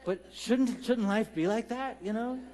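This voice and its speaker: A man's voice: very high-pitched, unhurried, mellow. A man giving a storytelling sermon, conversational and humorous, who talks directly to his congregation. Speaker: minister. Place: church sanctuary.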